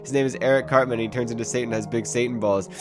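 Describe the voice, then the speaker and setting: A man's voice: mid-range voice, fairly even intonation, rapid-fire, over music. Man rambling through a parody horror story. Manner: mock-serious, absurd rambling. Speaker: comedic narrator.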